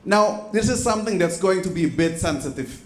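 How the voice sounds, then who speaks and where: Guy doing standup, high lively voice, echoey venue. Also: brisk, noisy background. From Indonesia. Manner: animated storytelling with acted-out quotes. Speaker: stand-up comedian. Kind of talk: stand-up comedy set.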